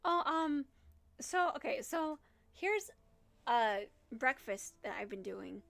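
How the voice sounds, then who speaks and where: A woman's voice: sits high, animated, takes it slowly, creaky, fairly bright tone. A young woman with a Midwestern accent, chatting casually on a livestream, rambling and giggling as she answers chat. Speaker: streamer.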